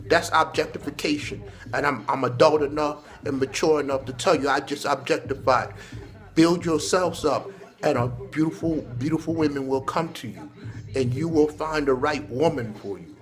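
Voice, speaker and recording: A man's voice: a little high, fairly bright tone. A man with a son, talking straight to young people in an earnest, preachy way that turns emotional, often repeating words and phrases. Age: adult with a son. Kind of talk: earnest direct-to-camera address.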